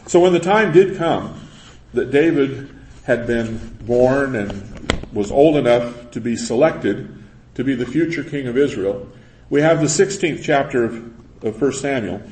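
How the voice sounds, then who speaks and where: A man preaching a sermon who retells scripture with lively voiced quotes. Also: medium pitch, a little slow, a little hiss or hum. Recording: roomy echo.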